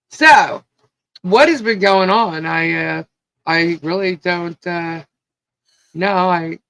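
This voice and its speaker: A podcast co-host with a hoarse voice, cheerfully greeting viewers one by one on a live stream. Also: mid-range voice, bright, forceful tone, no room sound. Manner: giddy, laughing, greets viewers by name.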